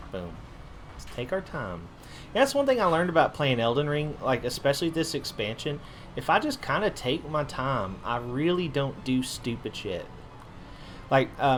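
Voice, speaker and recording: Casual guy rambling while he plays, cusses a lot, mid-pitched voice. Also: fairly bright tone, slight background noise. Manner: rambling, casual, swears freely. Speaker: gamer. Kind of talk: casual gameplay commentary.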